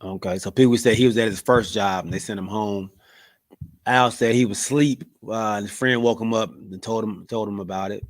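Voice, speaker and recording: Low-voiced man in relaxed casual chat. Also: fairly quick, no room sound. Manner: relaxed, says "man" a lot, many fillers. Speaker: podcast co-host reading live chat.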